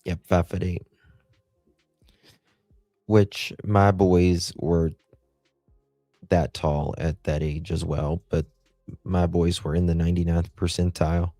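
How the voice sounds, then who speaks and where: A man's voice: deep voice, steady tone, takes it slowly, long pauses, dark tone, no echo, soft background music. A man hosting a casual livestream. He rambles in a chatty way and talks back to viewers' comments. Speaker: livestream host.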